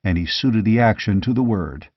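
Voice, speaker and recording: A man narrating an audiobook in a measured, steady storytelling manner. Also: fairly low pitch, breathy edge, no echo. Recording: dull, dry lo-fi audiobook recording.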